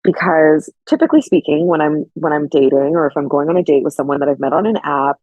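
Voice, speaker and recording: Young woman, husky voice. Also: low voice, quick pace, no room sound.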